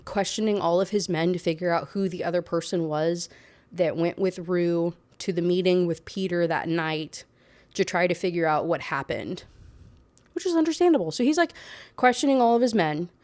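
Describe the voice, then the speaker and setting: A woman's voice: on the low side, normal speed, a little mellow. A young woman giving a casual, ranting book review, summing up the plot in a sarcastic, exasperated way with lots of fillers.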